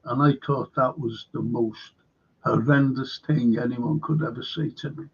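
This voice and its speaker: Host: gravelly, husky Liverpool man, rambling opinion talk, dull lo-fi sound, fairly high voice. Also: normal speed. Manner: rambling, opinionated, animated when quoting others. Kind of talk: casual opinion monologue.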